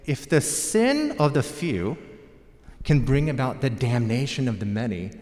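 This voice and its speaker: A man's voice: mid-range voice, big pitch swings, a little slow, darkish tone. A man voicing an old patriarch musing and pleading with God, in a long hall reverb.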